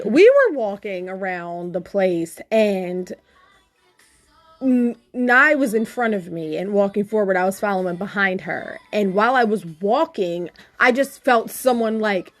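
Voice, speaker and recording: A woman podcast co-host in casual chat, telling stories in a chatty, expressive way. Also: mid-range voice, measured pace, soft background music.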